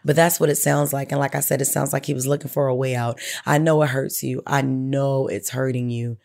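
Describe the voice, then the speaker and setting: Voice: medium pitch, level tone, a little fast, vocal fry, a little mellow. An advice-show host giving a listener profane, emphatic advice and calling her baby girl.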